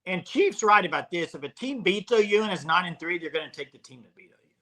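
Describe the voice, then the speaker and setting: Bright-voiced man hosting a sports stream. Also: sits high, quick pace. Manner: relaxed, conversational, addresses live chat. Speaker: host. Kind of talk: casual sports talk on a live stream.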